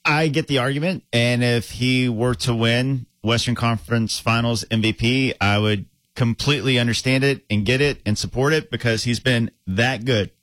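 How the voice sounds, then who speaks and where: A man co-hosting a sports radio show, talking in casual banter and laying out his reasoning in a measured way. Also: mid-range voice, steady tone, a bit bright, no room sound.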